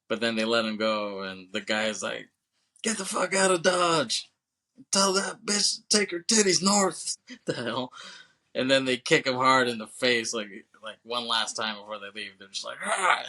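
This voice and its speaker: A man co-hosting a podcast, casually retelling a film scene by scene and dropping into quick quoted lines with laughter. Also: lowish voice, pushed and bright. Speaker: podcast co-host. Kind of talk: casual movie recap.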